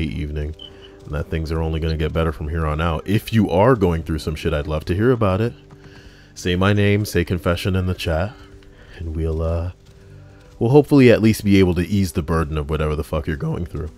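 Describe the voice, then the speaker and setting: A man's voice: deep voice, brisk, darkish tone. A man hosting a podcast in casual chat, full of crude, teasing banter. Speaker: podcast host.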